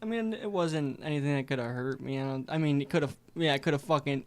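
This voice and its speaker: A man's voice: a little high, quick pace. A man in casual podcast chat, talking emphatically and calling everyone dude. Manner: emphatic, keeps saying dude.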